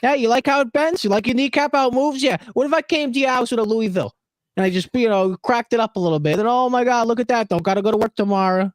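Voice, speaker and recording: A man's voice: extremely high pitch, quick pace, no echo, clean studio sound, voice pushed up. A man putting on a voice as a threatening Italian-American mobster. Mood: menacing. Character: threatening Italian-American mob tough guy, male, adult.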